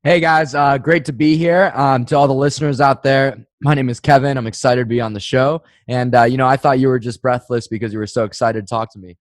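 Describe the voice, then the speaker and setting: A man's voice: mid-range voice, fairly even intonation, brisk, few pauses, dry recording. A man in his twenties, a guest on a podcast, telling his story in a friendly, chatty way over a remote line. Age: 20s. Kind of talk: podcast interview. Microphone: remote call.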